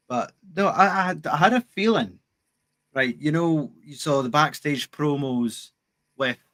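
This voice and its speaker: A man co-hosting a podcast, easygoing and quick to agree in casual chat. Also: medium pitch, pushed and bright. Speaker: podcast co-host.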